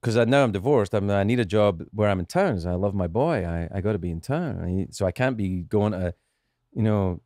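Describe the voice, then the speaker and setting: A middle-aged man with a Scottish accent talks through his past with animated, swinging intonation. He swears casually and often stops to restart a sentence. The sound is dry and close to the mic. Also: on the low side, fairly quick, no echo. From Scotland. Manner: animated storytelling, profane, frequent restarts. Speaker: guest comedian. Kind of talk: casual podcast chat.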